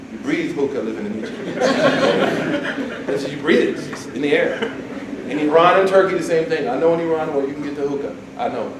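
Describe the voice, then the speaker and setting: A man giving a casual, humorous religious talk to a campus group, animated and jokey, acting out quotes. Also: high-pitched. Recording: echoey hall from far off, noisy.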